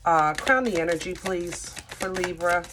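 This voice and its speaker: A woman's voice: fairly low pitch, unhurried, noisy background. A woman giving a casual tarot reading, thinking aloud and talking to her cards as she goes. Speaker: tarot reader.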